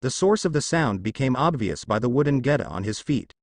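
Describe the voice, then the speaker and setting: A man narrates a fan story in a steady, scripted read. His pitch rises and falls with lively movement, and the recording is dry and close with no room sound. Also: a little fast, no echo.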